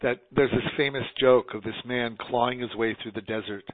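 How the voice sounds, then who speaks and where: A man from New York talks in an earnest, rambling way, often restarting his sentences. He comes through a tinny, phone-like line with no room sound at all. His pitch sits at an ordinary middle level. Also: steady tone, brisk, dry recording. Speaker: guest. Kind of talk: casual conversation.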